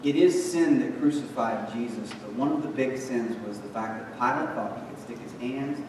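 A man's voice: mid-range voice, moderate pace, background noise. A man preaching a sermon, chatty and joking, then pressing his points with emphatic lists. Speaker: pastor. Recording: echoey hall, mic far off.

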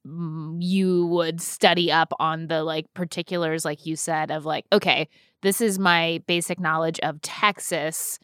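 A woman co-hosting a casual podcast works through a long, meandering question. Her voice is smooth and a little low, and it sounds close and dry, with no room around it. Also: fairly even intonation, a little slow, fairly bright tone, no echo. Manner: rambling, filler-heavy questioning. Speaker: podcast co-host.

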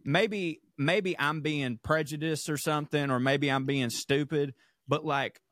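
A man, co-hosting a podcast with animated, profane chat. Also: fairly high pitch, measured pace, dry recording, clean studio sound. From American South. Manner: animated, profane, laughing asides. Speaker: podcast co-host. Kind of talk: casual chat.

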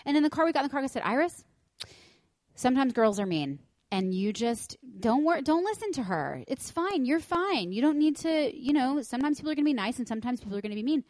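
A woman in her thirties, a podcast co-host, chatting casually and telling lively stories, acting out quotes and swearing. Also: high voice, quick pace, no room sound. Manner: animated storyteller, acts out quotes, swears. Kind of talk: casual chat.

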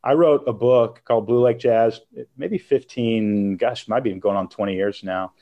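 A man's voice: on the low side, moderate pace, highs cut off. A middle-aged man telling a personal story as an interview guest, acting out quotes and laughing now and then. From United States. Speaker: guest author.

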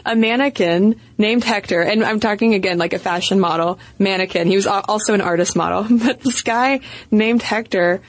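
A woman's voice: mid-range voice, brisk, no echo. A woman co-hosting a podcast in casual chat, chatty and playful, often laughing through her asides. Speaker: podcast co-host.

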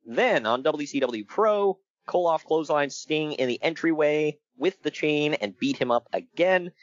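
A man's voice: fairly high pitch, measured pace, no echo, dull audio. A man co-hosting a casual podcast, telling stories with a lot of laughter. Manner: laughing often, animated storytelling. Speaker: podcast co-host reviewing wrestling. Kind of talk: casual chat.

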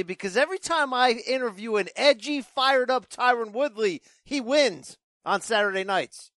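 A man's voice: very high-pitched, animated, moderate pace, hardly any pauses, pushed and bright, no room sound, clean studio sound, faint music behind. Upbeat joking male interviewer. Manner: jokey and upbeat. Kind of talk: casual interview.

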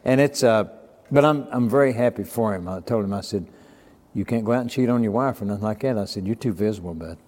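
Folksy older man, mellow echoey voice. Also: fairly low pitch, fast talker. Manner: folksy storyteller, acts out quoted dialogue. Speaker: podcast guest. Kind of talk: casual storytelling.

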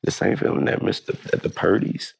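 A man's voice: fairly quick, no echo. A man speaking as an interview guest, loose and rambling, full of restarts and fillers. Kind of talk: casual interview talk.

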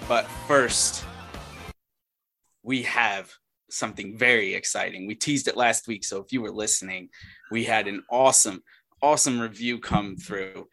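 A man hosting a casual sports podcast, upbeat and quick to laugh. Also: medium pitch, bright, forceful tone. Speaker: podcast host. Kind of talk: casual chat.

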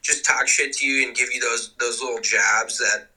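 A man with a very bright, sharp-edged voice co-hosts a loose sports chat over a video call. He talks in an easygoing, joking way and swears freely. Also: medium pitch, fairly even intonation, moderate pace, slightly rough, poor audio. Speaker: podcast co-host.

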